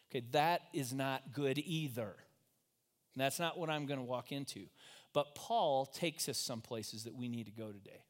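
A man's voice: mid-range voice, normal speed. Casual, joking pastor, man. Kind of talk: sermon. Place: church.

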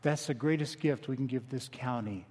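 A male pastor preaching a sermon in a relaxed, conversational way, dropping his voice low for emphasis. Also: moderate pace, husky, big-room sound. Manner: conversational, dynamic preaching with quiet emphatic drops. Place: church sanctuary.

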